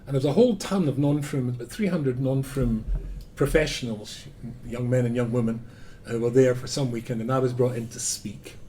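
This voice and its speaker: A man with a Scottish accent, a rabbi giving a Torah lecture to a live audience, telling stories with self-deprecating humor and swinging between loud emphasis and quiet asides. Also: medium pitch, brisk, slight background noise. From Scotland.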